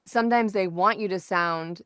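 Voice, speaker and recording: A woman's voice: medium pitch, normal speed, a bit bright, smooth, no echo, clean studio sound. A woman co-hosting a podcast, asking rambling questions that stop and restart. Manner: rambling, self-interrupting questions. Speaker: podcast co-host. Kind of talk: casual interview chat.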